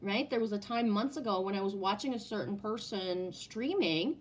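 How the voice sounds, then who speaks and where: A woman's voice: mid-range voice, lively intonation, moderate pace, a little hiss or hum. Blunt, swearing woman live streamer. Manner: blunt and profane, keeps asking "right?". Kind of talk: casual live-stream talk, answering chat. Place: at home. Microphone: no headset, sound heard in the room.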